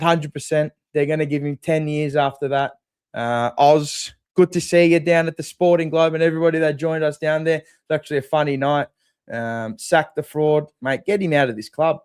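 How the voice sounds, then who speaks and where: Australian man, fan stream host, smooth resonant voice, dry close sound, sarcastic and sweary. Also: a little high, darkish tone, no echo. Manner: blunt, profane, sarcastic banter. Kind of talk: live post-game fan chat.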